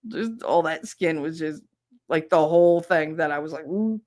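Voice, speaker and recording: A middle-aged woman hosting a livestream, telling a profane, animated story and laughing often. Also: low voice, normal speed, dry recording, clean studio sound. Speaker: livestream host. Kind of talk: casual storytelling.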